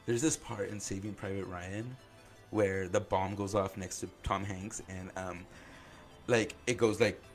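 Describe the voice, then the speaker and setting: A man's voice: sits low, flat delivery, unhurried, faint music behind. A man hosting a podcast, telling a personal story in a loose conversational way, filling his speech with "like". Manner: loose conversational, heavy use of "like". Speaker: podcast host.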